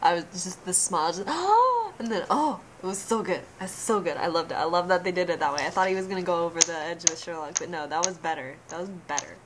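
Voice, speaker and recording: A woman's voice: on the low side, fairly even intonation, fast, few pauses. Young woman, casual vlogger, gushy and emotional, keeps trailing off; light hiss on the track. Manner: gushing, emotional, trailing off mid-sentence. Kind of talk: casual reaction vlog.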